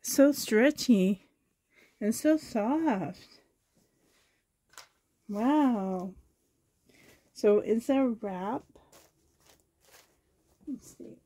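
A Canadian woman chatting casually as she unboxes, her voice slightly high, soft and mellow with a husky edge. She talks at an unhurried pace, gushing and giggling, rambling on as she goes. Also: lively intonation, poor audio. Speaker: reborn doll vlogger.

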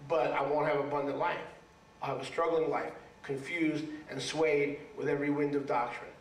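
A man's voice: fairly high pitch, little pitch movement, moderate pace, slight background noise. A man preaching to a congregation as a rabbi, emphatic and repetitive, often asking the audience if they follow. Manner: emphatic, repeats words for stress, asks the audience for agreement. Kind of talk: sermon. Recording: echoey room, mic at a distance.

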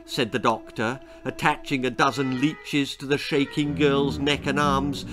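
A man narrating his own children's horror-comedy story in a lively, theatrical way. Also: medium pitch, unhurried, hardly any pauses, faint music behind.

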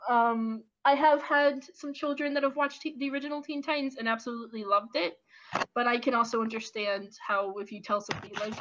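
A woman in her twenties giving casual, animated opinion commentary with lots of ums and restarts. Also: a little high, brisk, slight background noise. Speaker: YouTube commentator. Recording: lo-fi dull audio.

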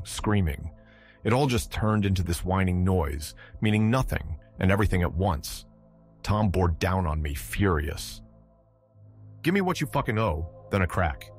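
A man narrating a scripted horror story in a measured, dramatic way. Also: low voice, breathy edge. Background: faint music.

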